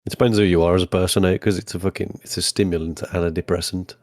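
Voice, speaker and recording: A man's voice: low voice, steady tone, quick pace, darkish tone, dry recording, clean studio sound. A young man co-hosting a podcast, laid-back and swearing in casual chat. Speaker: podcast co-host.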